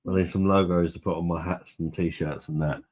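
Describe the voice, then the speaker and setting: Deep-voiced tipsy man chatting. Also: fairly even intonation, a little fast, darkish tone. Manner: jokey and rambling, laughs often. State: tipsy from drinking beer. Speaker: livestream host. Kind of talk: casual chat reading viewer comments.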